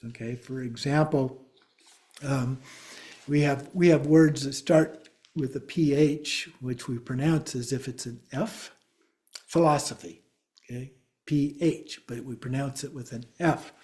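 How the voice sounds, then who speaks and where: A man's voice: medium pitch, fairly even intonation, unhurried, a little mellow. A middle-aged man, a Buddhist teacher, giving a class lecture, patiently spelling words out letter by letter.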